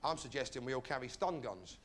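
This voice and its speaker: A man hosting a comedy show, telling jokes with a deadpan manner and bursting into shouted put-on voices. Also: medium pitch, brisk, very noisy. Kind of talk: stand-up monologue and interview.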